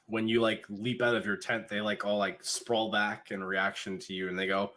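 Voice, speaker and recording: A man narrating a tabletop game as dungeon master, relaxed and filler-heavy. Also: fairly low pitch, measured pace. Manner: relaxed, hesitant, lots of fillers.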